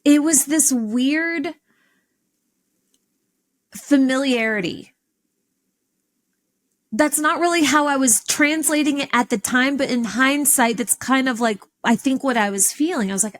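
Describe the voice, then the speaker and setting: A woman hosting a podcast, telling a personal story in an animated, expressive way with sudden jumps in pitch. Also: measured pace. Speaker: podcast host.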